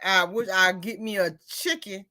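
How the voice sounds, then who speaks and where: Speaking at a moderate pace in a medium-pitched voice, a female host chats casually and spins stories. She brings them to life by voicing what each person said.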